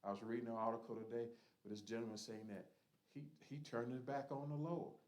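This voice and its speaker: A man's voice: medium pitch, fairly even intonation, fairly quick, a little mellow, low-quality recording. Earnest man leading a Bible study. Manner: earnest, emphatic, conversational preaching. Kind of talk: church Bible study teaching.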